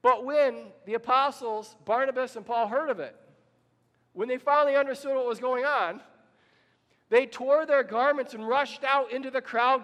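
A man's voice: very high-pitched, normal speed, a bit bright, long reverb tail. A man pastor preaching a sermon, telling the story and asking the congregation questions.

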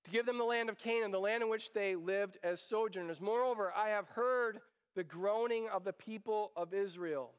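High, smooth-voiced male preacher in a hall. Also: normal speed, muffled recording. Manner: conversational, explains scripture with emphatic repetition. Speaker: pastor. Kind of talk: expository sermon. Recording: long reverb of a large hall.

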